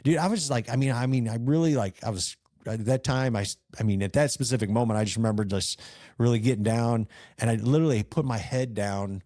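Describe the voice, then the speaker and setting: A man's voice: mid-range voice, fast, warm tone, dry recording, clean studio sound. A middle-aged man from rural northeast Missouri, a company founder telling his story as a podcast guest in earnest, rambling talk full of fillers and restarts. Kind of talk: casual interview storytelling.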